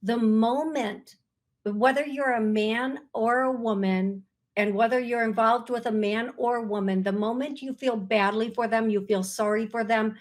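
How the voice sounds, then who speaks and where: A woman's voice: fairly high pitch, steady tone, moderate pace. A woman hosting a call-in psychic radio show, talking in a searching, earnest, often apologetic way. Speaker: psychic medium radio host.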